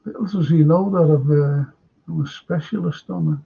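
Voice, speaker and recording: A man's voice: a little high, moderate pace, gravelly, mellow, breathy edge, dull audio. A man with a Scouse accent hosting a live stream, chatting casually in a rambling, stop-start way and reading out viewer comments.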